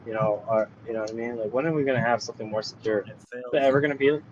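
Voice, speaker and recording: A man in a casual voice chat, rambling and swearing excitably while driving. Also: medium pitch, racing, highs cut off, a little hiss or hum. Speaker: voice chat participant. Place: in a moving car.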